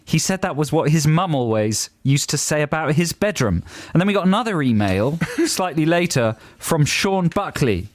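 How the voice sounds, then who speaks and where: A man's voice: a little high, big pitch swings, moderate pace, hardly any pauses, dry recording. A man co-hosting a radio show, reading emails with wry, chuckling asides. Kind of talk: comic banter reading listener emails. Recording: dry radio studio.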